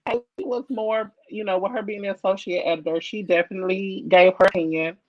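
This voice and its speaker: A blunt, emphatic woman talks over a video call, her voice sitting mid-range and animated. The sound is dull and lo-fi, with a dry, close feel and no room around it. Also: mid-range voice, a little fast, dry recording. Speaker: comic editor and guest. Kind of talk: casual video-call chat.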